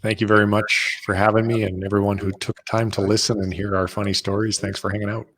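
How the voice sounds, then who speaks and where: A man from Western Canada, guesting on a podcast with a fairly low voice. He sounds relaxed and matter-of-fact, walking through tech details plainly. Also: quick pace. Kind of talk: casual interview chat.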